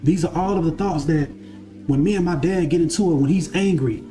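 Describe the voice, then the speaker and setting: Male creator, mellow voice sitting a bit high, casual storytelling, soft music under him. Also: brisk, a little hiss or hum. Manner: conversational, repeats phrases, asks listeners if they follow. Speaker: spiritual content creator and card reader. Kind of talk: casual personal storytelling to camera.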